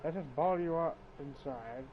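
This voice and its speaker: A man's voice: a little high, normal speed, over a noisy crowd, close to an everyday voice. A man voicing a laid-back short skeleton joker in a casual let's-play role-play, commenting offhand. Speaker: gamer playing a game. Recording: muffled with steady background noise.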